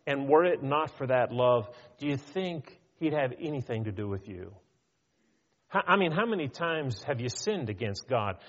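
A man preaching a sermon in an earnest, pleading way, asking his listeners questions and slowing down to stress his points. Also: a little high, long reverb tail, muffled recording. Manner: earnest, pleading, rhetorical questions, slows for emphasis.

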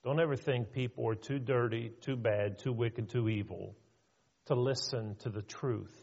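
A man's voice: mid-range voice, normal speed, creaky, a little mellow, husky. A man preaching a sermon with earnest emphasis and rhetorical questions, in a church hall. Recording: reverberant hall, dull lo-fi.

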